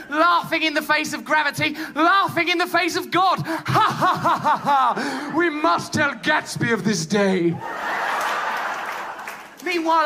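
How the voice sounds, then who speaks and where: Here a man with an English accent delivers flamboyant, theatrical stand-up with a mock-grandiose air to a live comedy audience. His very high voice sounds gravelly and sharp.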